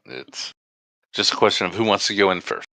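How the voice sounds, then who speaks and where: A man narrating as game master of a tabletop game, in a halting, stop-and-start way. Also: fairly low pitch, level tone, bright, forceful tone, no echo.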